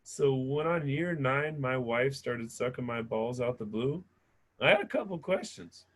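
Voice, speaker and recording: A man's voice: medium pitch, lively intonation, unhurried, a bit bright. Brash, profane male stand-up comic. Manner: brash, profane, laughs at his own jokes. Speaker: stand-up comedian. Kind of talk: stand-up comedy set.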